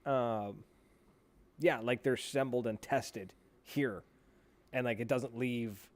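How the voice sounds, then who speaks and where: A man's voice: medium pitch, takes it slowly. A man co-hosting a paintball podcast in casual chat, rambling and blunt, swearing freely. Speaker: podcast co-host.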